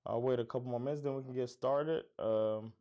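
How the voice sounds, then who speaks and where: A middle-aged Florida man with a mid-range voice, fairly even intonation and a brisk pace hosts a casual livestream, reading viewer comments; the highs are cut off. His accent is neutral American with a faint Florida lilt. Upbeat and laid-back, he chats easily, says "man" a lot and laughs readily, and he owns a comedy club.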